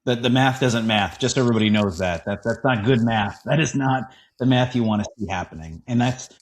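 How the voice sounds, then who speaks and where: A man's voice: medium pitch, brisk. A man hosting a business podcast, talking in an emphatic, conversational way and repeating points for his listeners. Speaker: podcast host. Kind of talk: conversational interview.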